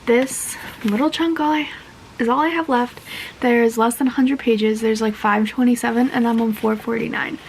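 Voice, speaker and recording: A young woman vlogging casually about her reading, gushing and excited, sometimes dropping to a whisper. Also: on the high side, normal speed, a little hiss or hum, poor audio. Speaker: book vlogger. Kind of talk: casual reading vlog chat.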